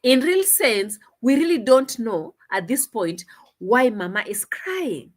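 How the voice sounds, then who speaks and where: A woman's voice: fairly high pitch, very animated, slow pace. A woman commentator reacting to a clip, talking in an indignant, mocking way and sometimes laughing. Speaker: commentary vlogger. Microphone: desk camera.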